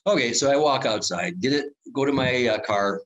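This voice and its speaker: A man in his sixties, a former TV reporter, telling stories as an interview guest, full of pauses and acting out the voices of the people he met. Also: medium pitch. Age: 60s. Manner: animated, acts out quoted voices, many filler pauses. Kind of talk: casual anecdotal storytelling.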